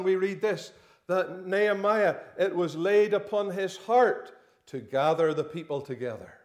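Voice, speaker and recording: Male preacher, middle-aged, high-set voice, loud-to-quiet sermon delivery. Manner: swings between loud emphatic lines and quiet dropped phrases; repeats words and restarts while reasoning aloud.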